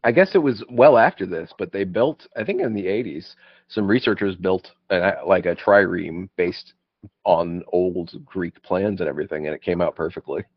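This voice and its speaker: A man's voice: sits low, moderate pace, husky, no echo, muffled recording. A man co-hosting a casual movie podcast, laughing often and making jokey asides. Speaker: podcast co-host.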